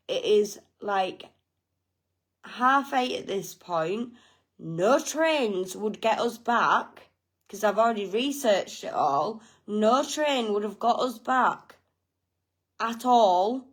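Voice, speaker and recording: A woman's voice: medium pitch, expressive, takes it slowly. Frank woman telling a story. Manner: frank, swearing, self-mocking. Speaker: vlogger. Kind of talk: casual storytelling.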